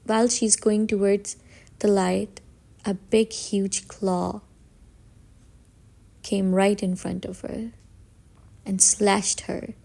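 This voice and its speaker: A woman's voice: mid-range voice, little pitch movement, slow, vocal fry, pauses often, dark tone. A woman narrating a comic story recap in a casual, dramatic way, with emphatic stresses and frequent restarts.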